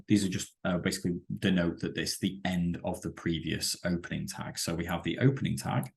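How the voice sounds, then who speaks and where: A man teaching a web development lesson over a screen-share, explaining with halting, self-correcting sentences and many fillers. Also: low-pitched, gravelly. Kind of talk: screen-share coding tutorial.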